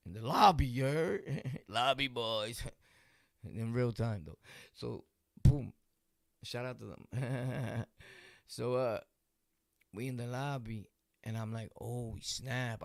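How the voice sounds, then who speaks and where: Gravelly ny guy telling street stories, animated and slangy, dry close sound. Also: mid-range voice, no room sound. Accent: New York. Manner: animated and slangy, laughs often, acts out voices. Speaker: vlogger telling true stories. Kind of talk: casual street storytelling.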